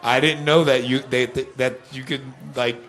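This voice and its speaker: An older man guesting on a talk show who tells his stories with real animation. He laughs as he goes and drops into other people's voices along the way, in a relaxed, casual interview. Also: mid-range voice, normal speed. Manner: animated anecdotes, laughs, acts out quoted voices. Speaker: musician guest.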